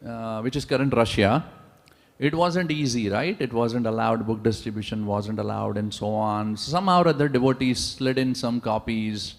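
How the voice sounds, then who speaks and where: Man giving a sermon, gravelly voice, tells stories, keeps asking the crowd "right?", long hall echo. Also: medium pitch, moderate pace. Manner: animated storyteller, asks the audience rhetorical questions. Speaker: preacher. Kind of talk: sermon with storytelling. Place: large temple hall. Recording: long reverb of a large hall.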